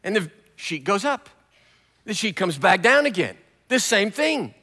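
A male guest preacher delivers a sermon with animated, humorous storytelling. His voice is high and bright, and it rings with the long echo of a large church hall. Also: measured pace.

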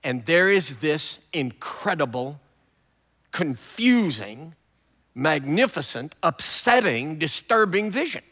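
Man, guest preacher, sermon, humorous storytelling, high bright voice, echoey church hall. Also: sing-song, slow pace.

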